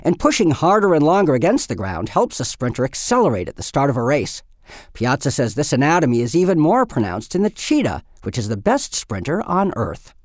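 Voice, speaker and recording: A man's voice: on the high side, big pitch swings, a little fast, dry recording, studio quality. A man hosting a science news podcast, reading a scripted rundown of the stories. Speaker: podcast host.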